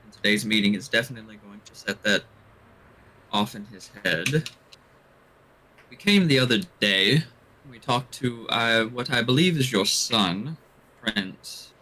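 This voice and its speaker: A man's voice: lowish voice, lively intonation, measured pace, pauses often, bright, forceful tone, a little hiss or hum, poor audio. A man playing a tabletop game, explaining his character's situation hesitantly and carefully. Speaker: player. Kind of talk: in-character roleplay.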